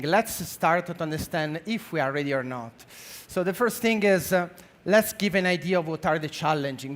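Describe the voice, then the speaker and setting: A man's voice: a little high, fairly bright tone. Italian-accented man with many fillers. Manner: halting, many fillers and restarts. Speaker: conference speaker, marketing director. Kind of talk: conference presentation. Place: conference stage.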